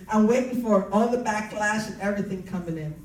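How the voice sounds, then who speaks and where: A woman's voice: medium pitch, a little fast, a little mellow. Earnest woman preaching her testimony, roomy. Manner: earnest, preaching cadence with repeated phrases. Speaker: speaker sharing personal testimony. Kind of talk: faith-based testimony talk. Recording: roomy, distant mic.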